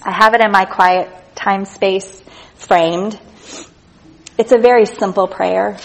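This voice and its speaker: A woman preaching with earnest conviction, her voice at a middling pitch. She reads scripture slowly, stressing the key words, then drops soft and quiet when she speaks of love. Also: fairly even intonation, gravelly, rough recording. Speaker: speaker at a church gathering. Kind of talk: sermon.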